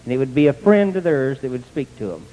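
An older man telling his own story in a plain, folksy way, with bursts of excitement. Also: medium pitch, fast talker. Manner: plain country speech, rising to excited outbursts. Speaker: testimony speaker. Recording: long hall reverb.

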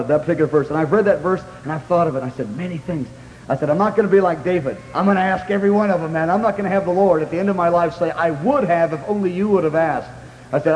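A man preaching a sermon and telling a story in an earnest, halting way, full of restarts, at times shouting as he re-enacts it. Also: fairly high pitch. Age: young adult. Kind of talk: sermon testimony. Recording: echoey hall with faint hum.

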